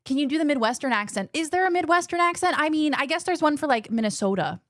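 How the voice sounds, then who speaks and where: A woman streamer chatting casually with her viewers, animated and rambling, often restarting her sentences. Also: sits high, fast talker, dry recording, clean studio sound. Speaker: gaming streamer.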